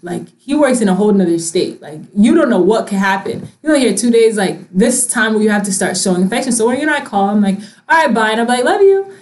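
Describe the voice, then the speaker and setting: A woman's voice: mid-range voice, expressive, quick pace, few pauses, darkish tone. A young woman in a casual group conversation, telling stories animatedly, acting out what her family says and laughing often. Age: young adult. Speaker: discussion participant.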